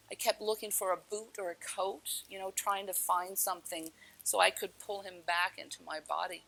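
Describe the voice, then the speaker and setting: A woman's voice: mid-range voice, sharp tone, rough recording. A woman telling a personal story in a candid, blunt way, swearing now and then and laughing at herself. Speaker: storyteller recounting a near-death experience. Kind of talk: personal testimony.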